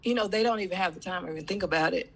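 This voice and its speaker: A woman's voice: mid-range voice, fast, fairly bright tone, breathy edge. A woman with a slight cold, talking in a rambling way with many fillers as a student on a video call. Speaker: student in a coaching class. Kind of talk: casual chat.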